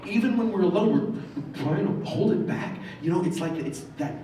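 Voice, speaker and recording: A man's voice: sits high, animated, moderate pace, dark tone, recorded from a distance, a little hiss or hum. A man giving reflective advice about acting as a voice director on a convention panel, telling stories with emphatic asides. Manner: thoughtful, storytelling, emphatic asides. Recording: very echoey room, voice from afar.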